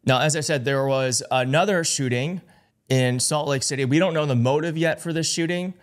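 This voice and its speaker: A man's voice: a little high, normal speed. A man giving online political commentary, indignant and emphatic, reading out reports and quotes.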